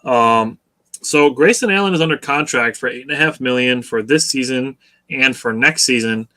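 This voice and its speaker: A man co-hosting a casual sports podcast, explaining his points in a measured, steady way and urging listeners to stay level-headed. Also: medium pitch. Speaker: podcast co-host.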